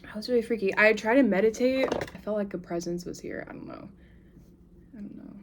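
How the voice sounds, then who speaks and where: Speaking fairly quickly in a mid-range voice, a woman in her 20s tells viewers her story from home. She's chatty and keeps addressing them as y'all, and there's background noise in the clip.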